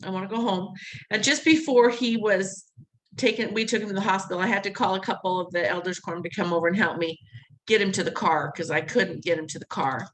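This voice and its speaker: Middle-aged woman guest for a heartfelt story, lively, quick to laugh, voices others' words. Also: mid-range voice, rough recording. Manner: animated, acts out quotes, laughs often. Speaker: interview guest. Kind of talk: emotional personal storytelling.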